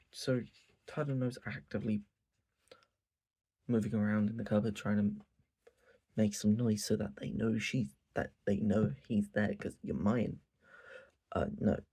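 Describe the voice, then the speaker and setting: A man hosting his own channel, giving an animated, profane recap of a manga and acting out quotes as he goes. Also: fairly low pitch, unhurried, pauses often, slightly rough. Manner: animated, swears a lot, acts out quotes. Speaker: channel host.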